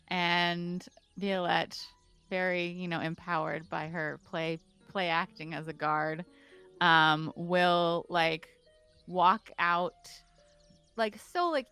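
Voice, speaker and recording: A woman's voice: lowish voice, vocal fry, a bit bright, clear, resonant tone. A woman playing a tabletop role-playing game, describing her character's actions thoughtfully. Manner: unhurried, thoughtful description with fillers. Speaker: player.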